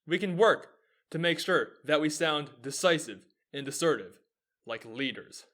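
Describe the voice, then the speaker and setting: An earnest young man in his twenties delivers a scripted explainer as the host of his own show. His voice sits a little on the high side, and he sets up rhetorical questions only to answer them himself. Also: lively intonation, a little slow, fairly bright tone.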